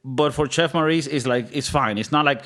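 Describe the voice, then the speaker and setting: A man's voice: mid-range voice, fairly quick, fairly bright tone. A man hosting a podcast in casual chat, joking and rambling, who now and then slips into put-on accents. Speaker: podcast host.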